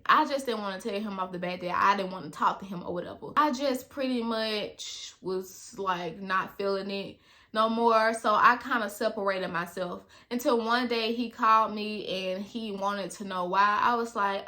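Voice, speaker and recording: A woman in her twenties chatting casually to viewers in a story-time vlog, animated and full of slang. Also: mid-range voice, moderate pace. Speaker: vlogger.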